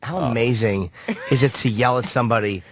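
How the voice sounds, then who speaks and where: A man's voice: mid-range voice, fairly quick, a little hiss or hum. A man hosting a radio talk show, offering profane, reflective commentary in casual banter. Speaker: radio host.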